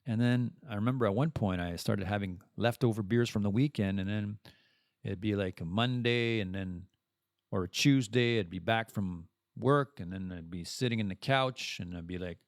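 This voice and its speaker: A man's voice: lowish voice, normal speed, no echo, clean studio sound. A French-speaking man hosting a podcast, talking candidly and bluntly in a personal monologue and swearing freely. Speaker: podcast host.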